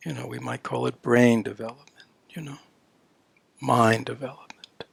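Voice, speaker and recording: A man's voice: medium pitch, level tone, normal speed, vocal fry, breathy edge, no room sound. An older man giving a dharma talk at a retreat, conversational and full of "you know" and "right?", now and then voicing playful baby-talk examples. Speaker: Buddhist dharma teacher.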